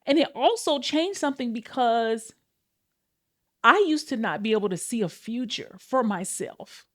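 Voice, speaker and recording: A woman hosts her own podcast in a loose, confessional way. She talks straight to her listeners, swears without a second thought, and calls them y'all. Her pitch and pace swing around a lot as she goes. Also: animated, a little slow. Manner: candid, swears freely, addresses listeners as y'all. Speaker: podcast host. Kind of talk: casual confessional talk.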